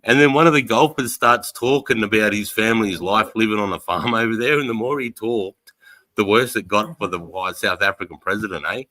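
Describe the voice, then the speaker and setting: A man's voice: lowish voice, brisk, pushed and bright, rough recording. A man with an Australian accent hosting a livestream, chatting casually and swearing a lot, laughing as he retells things. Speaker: livestream host. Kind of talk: casual chat.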